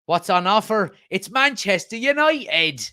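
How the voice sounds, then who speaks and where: A man reading out a gruff older football captain's challenge in a put-on Dublin accent, slow and solemn. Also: high-pitched, sing-song, bright, forceful tone, no echo, studio quality, pitched above the performer's own voice, full character voice. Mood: challenging. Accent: Dublin Irish.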